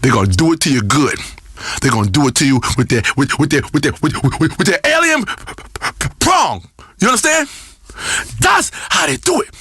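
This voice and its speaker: A brash, bellowing radio guru. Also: male voice, on the high side, very animated, normal speed, slightly rough, heavily acted. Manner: loud, preachy, crude and boastful, swings between growls and shouts. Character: brash self-styled spiritual guru, male radio host. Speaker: radio talk show host. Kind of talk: comedic radio talk show.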